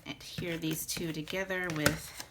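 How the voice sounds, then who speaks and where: A young woman chats through a card-making tutorial at her craft table, gushing about papers and colors and thinking aloud as she works. Her voice is low and fairly even, her pace a little slow, and the recording is very noisy.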